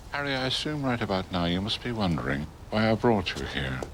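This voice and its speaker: A direct old wizard headmaster. His voice is strong and low, and his sentences fall at the end with little lilt, over faint background noise. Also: big pitch swings, fairly quick, a bit bright. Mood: probing. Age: older.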